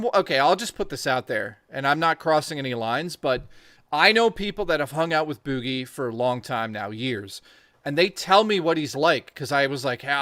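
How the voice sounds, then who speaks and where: A man in his forties with a Canadian accent, co-hosting in loose, profane, excitable banter full of restarts. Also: medium pitch, no room sound, studio quality. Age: 40s. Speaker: podcast co-host. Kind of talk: casual chat.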